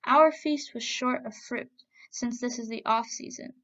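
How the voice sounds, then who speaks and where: A woman's voice: on the high side, a little slow, bright, forceful tone. A woman reading the part of a proud, demanding male mandarin official, commanding and mocking in manner. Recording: dull lo-fi recording.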